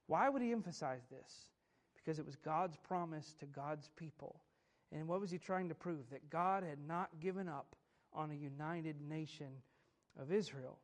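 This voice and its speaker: Male pastor, high-pitched voice, emphatic sermon delivery with rhetorical questions. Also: normal speed.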